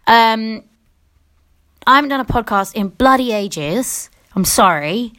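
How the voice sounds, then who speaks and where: A woman's voice: on the high side, expressive, slow pace, a bit bright. A young English woman hosting her own podcast, ranting casually with lots of swearing and restarts. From England. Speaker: podcast host. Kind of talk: casual solo podcast rant. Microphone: personal mic in a quiet room.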